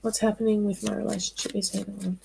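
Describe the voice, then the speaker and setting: A woman doing live-stream psychic card readings, talking casually and reassuringly, often pausing with "um" and "all right" as she calls viewers by name. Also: medium pitch, flat delivery, creaky, warm tone, a little hiss or hum, low-quality recording.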